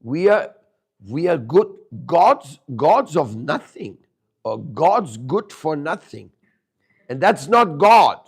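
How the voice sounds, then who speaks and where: A man's voice: fairly high pitch, big pitch swings, takes it slowly, husky. A man teaching a spiritual lesson to a live group in a room. He questions his listeners, jokes, and stresses key words. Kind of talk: devotional lecture to a live group. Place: room with a small audience.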